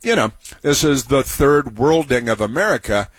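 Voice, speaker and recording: A man's voice: mid-range voice, animated, normal speed, breathy edge, no room sound. A man hosting a talk radio show, telling stories in a rambling way with many restarts and giving blunt opinions.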